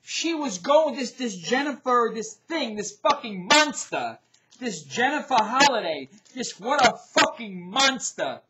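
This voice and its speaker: A middle-aged man hosting his own show, ranting in a loud, profane, repetitive way. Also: extremely high pitch, big pitch swings, unhurried, a little hiss or hum. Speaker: show host. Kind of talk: ranting video commentary.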